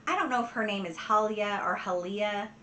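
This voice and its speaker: A woman chatting casually from home about a book she read, giggling often and filling pauses with ums and likes. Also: mid-range voice, bright, forceful tone, slight background noise. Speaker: book vlogger. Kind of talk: casual book review chat.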